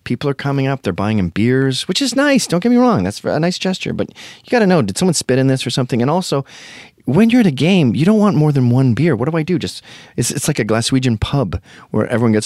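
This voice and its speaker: On his podcast, a man tells a wandering, foul-mouthed funny story that keeps veering off on tangents. He talks fast in a mid-range, darkish voice with big pitch swings, recorded clean in a studio with no room sound.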